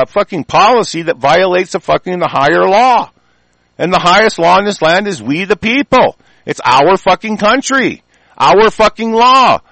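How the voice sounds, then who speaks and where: A man's voice: fairly high pitch, creaky, fairly bright tone, dry recording. A man delivering an angry, heated monologue full of profanity and stumbling restarts.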